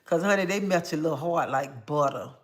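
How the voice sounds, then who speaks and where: A woman's voice: low voice, fairly quick. A middle-aged grandmother hosting a casual livestream, talking emphatically to her viewers, often repeating herself and calling them honey. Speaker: livestream host.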